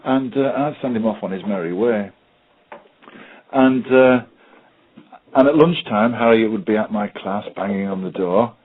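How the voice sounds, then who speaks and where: A man's voice: on the low side, measured pace, pauses often. A man giving a webinar as a special needs technology trainer, hesitant with lots of ums and stories. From United Kingdom. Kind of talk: webinar presentation. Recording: tinny phone-like line.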